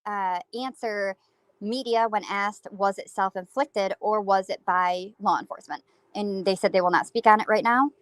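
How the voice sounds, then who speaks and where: A woman's voice: mid-range voice, moderate pace, fairly bright tone, smooth, no room sound. A woman guest in a casual chat, earnestly recounting a news event.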